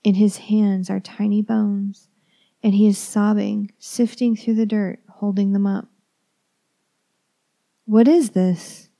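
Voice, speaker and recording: A woman tells a first-person horror story in a calm, measured voice that sinks to a hush at times. Her tone is dark and mellow, with a gravelly edge. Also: medium pitch. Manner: calm, measured, dropping into whispers.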